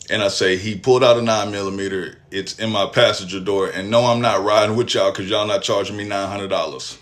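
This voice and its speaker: Man, fairly low voice, casual profane storytelling, acts out quotes. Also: a little fast, hardly any pauses. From Texas, US. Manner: animated, profane storytelling with acted-out quotes and laughs. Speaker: podcast host telling a personal story.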